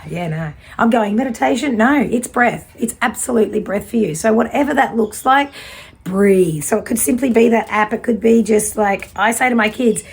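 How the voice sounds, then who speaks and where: Woman in her 30s, tarot reader, direct and fiery, breathy tone. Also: a little high, moderate pace. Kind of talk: casual spiritual tarot reading.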